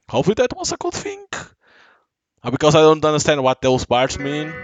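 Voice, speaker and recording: A man's voice: a little high, huge pitch swings, brisk, rough recording. A man giving live gameplay commentary, swearing often as he reacts and reading the game's dialogue aloud. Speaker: gaming channel host. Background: game music.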